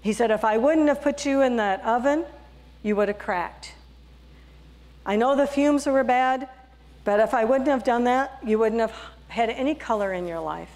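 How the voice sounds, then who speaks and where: A woman pastor voicing a gentle, patient male potter in a sermon story, speaking low, soft and steady. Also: moderate pace, lightly acted. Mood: tender.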